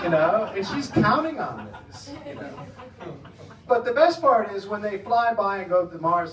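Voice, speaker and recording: A man's voice: a little high, fairly bright tone. American man doing rambling stand-up. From United States. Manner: rambling, chatty, laughs at his own jokes. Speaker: stand-up comedian. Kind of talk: stand-up comedy set. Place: comedy club stage in the Netherlands. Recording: echoey room from some distance, faint noise.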